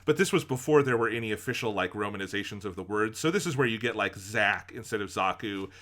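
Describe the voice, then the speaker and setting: A man's voice: on the low side, lively intonation, quick pace, fairly bright tone. A man co-hosting a podcast, chatting casually in a rambling, amused way with lots of fillers. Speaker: podcast co-host. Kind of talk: casual chat.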